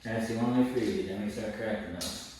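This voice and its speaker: A male dog trainer talks through a session, explaining steadily, then lifting into high, sing-song praise for the dog. He sits well back from the mic in a very echoey space, with a faint hiss underneath. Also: fast, recorded from a distance. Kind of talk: hands-on training lesson.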